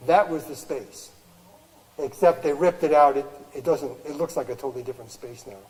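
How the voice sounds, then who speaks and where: A man's voice: a little high, fairly quick, a little mellow, big-room sound, poor audio. An older man giving a talk to an audience at a gallery, telling stories in a rambling way with many restarts and fillers and frequent laughs.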